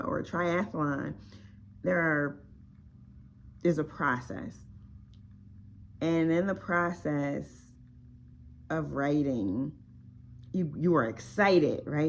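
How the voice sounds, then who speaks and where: Woman, vlogger, low voice, unhurried, chatty and emotional, camera mic, faint background noise. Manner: chatty, emotional, exclaiming often. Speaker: author unboxing her book. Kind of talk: casual excited vlog.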